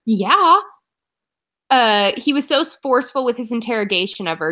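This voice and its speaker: A woman's voice: fairly high pitch, expressive, normal speed, fairly bright tone. A woman from Oklahoma co-hosting a book club live stream, chatting casually and reacting to viewer comments.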